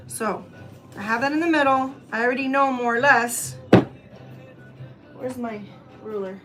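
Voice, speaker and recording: A high-pitched woman in her fifties from Florida leads a live gift-wrapping lesson. She talks to her viewers in a loose, chatty way, calls them y'all, and keeps wandering from the task. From Tampa area, Florida, US. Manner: chatty and digressive, often addresses viewers as y'all. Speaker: craft channel host.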